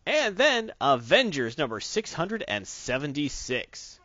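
A man's voice: a little high, sing-song, measured pace, sharp tone, no room sound, dull audio. A man co-hosting a casual podcast, joking and laughing often as he riffs on comics and movies. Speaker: podcast co-host.

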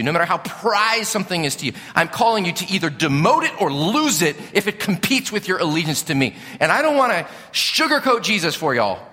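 A man's voice: on the high side, pushed and bright, big-room sound. A male pastor preaching a sermon in an earnest, pleading, emphatic way, with rhetorical questions.

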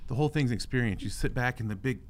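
A man's voice: mid-range voice, very fast. Guy in his 40s chatting about his salon, jokey, acts out little bits. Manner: joking, puts on silly voices for bits. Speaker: podcast co-host, salon owner. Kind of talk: casual chat.

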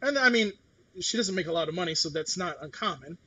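A middle-aged man chats casually in a husky, somewhat high voice. He talks bluntly, swears freely and plays out the other people in his story. His tone stays rough and breathy throughout. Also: lively intonation, quick pace, sharp tone. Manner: blunt, swears, acts out quotes. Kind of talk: casual chat.

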